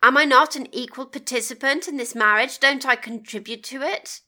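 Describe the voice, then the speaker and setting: A woman's voice: high-pitched, normal speed, bright, forceful tone, pitched above the performer's own voice. Woman reading as a frustrated, pleading wife. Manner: pleading, rising to anger.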